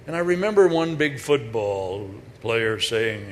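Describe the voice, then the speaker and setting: A man giving a humorous, storytelling sermon as a preacher, with sudden loud bursts. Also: medium pitch, unhurried, few pauses. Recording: echoey hall with faint noise.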